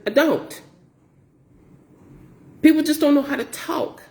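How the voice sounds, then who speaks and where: This middle-aged woman works as a grocery delivery shopper and tells stories in a casual vlog, complaining about rude customers. Her retelling is animated, exasperated, and repetitive. Her voice sits high, she takes it slowly with long pauses, and the sound is roomy.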